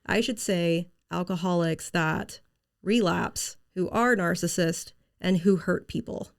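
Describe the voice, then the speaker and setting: A woman's voice: fairly low pitch, measured pace, creaky. A woman guest in a casual conversational interview, speaking with a slight lisp, earnest and candid.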